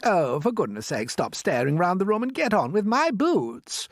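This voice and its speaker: A man voicing a cheeky, boastful male centipede in a storybook reading, shrill and loud with a mocking tone. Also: sing-song, moderate pace, dry recording, studio quality. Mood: impatient.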